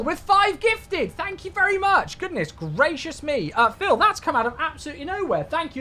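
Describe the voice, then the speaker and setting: A high-pitched British man in his thirties chats casually on a live stream, excitably and effusively thanking his viewers.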